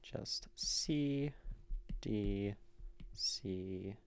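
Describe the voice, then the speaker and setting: A man's voice: on the low side, very slow, clear, resonant tone. A man streamer talking through a poem's rhyme and meter, thinking aloud and reading lines back to himself. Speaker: streamer analyzing poetry. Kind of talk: casual poetry analysis on a live stream. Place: streaming room.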